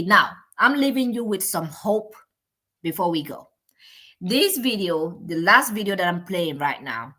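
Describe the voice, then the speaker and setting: A woman host giving slow, deliberate closing remarks to her viewers, addressing them as ladies in an encouraging tone. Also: medium pitch, pushed and bright.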